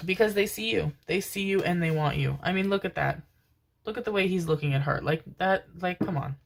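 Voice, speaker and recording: A woman's voice: deep voice, a little hiss or hum. Rambling, affectionate tarot-reading woman. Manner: affectionate, calls listeners "my loves", casual swearing; rambling, many fillers and restarts. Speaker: tarot reader. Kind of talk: tarot card reading to viewers.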